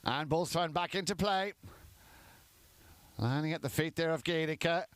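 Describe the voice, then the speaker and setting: A man giving chatty live commentary on a polo match, lifting in excitement at goals. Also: fairly high pitch, moderate pace, dry recording.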